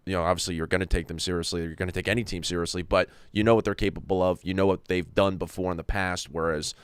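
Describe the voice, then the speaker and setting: A man's voice: low voice, level tone, fast talker, clear, resonant tone. A man, a guest on a sports podcast, talking through football in a rambling way and often hedging. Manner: rambling, hedging with "I don't know". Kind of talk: casual sports analysis.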